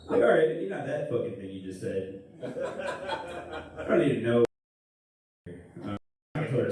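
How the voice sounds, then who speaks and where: A young man doing crude, rambling stand-up comedy with deadpan asides. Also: medium pitch, a little fast. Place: comedy club stage. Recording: echoey room, distant mic, noisy.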